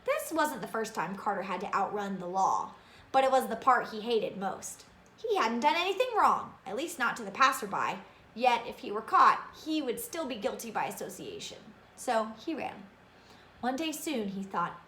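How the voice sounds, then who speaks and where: A woman reading a children's novel aloud in an expressive way, with asides to her listeners. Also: on the high side, moderate pace, echoey room. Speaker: reader of a children's book.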